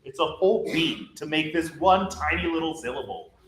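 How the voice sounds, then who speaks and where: A man directs a choir rehearsal, his bright, slightly high voice animated as he explains and demonstrates phrasing. The room is roomy and echoey, with a faint hum of ambience behind him. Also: normal speed. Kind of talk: rehearsal instruction.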